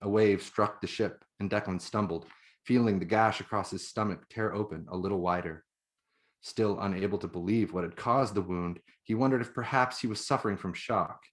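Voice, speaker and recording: A man, the author, reading his own novel aloud in measured, even narration. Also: fairly low pitch.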